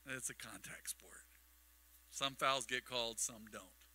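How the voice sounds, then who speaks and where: A man preaching a mid-week sermon as pastor, telling a long personal story with acted-out dialogue and quick asides to the congregation. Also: mid-range voice, bright, forceful tone, low-quality recording. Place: church sanctuary. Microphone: microphone on a livestream.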